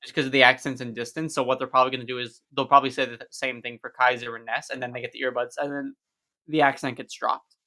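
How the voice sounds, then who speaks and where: A man hosts a casual live stream chat with an eager, talkative manner. His voice is bright and ringing, and he goes into long explanations. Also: mid-range voice, little pitch movement, quick pace. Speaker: host.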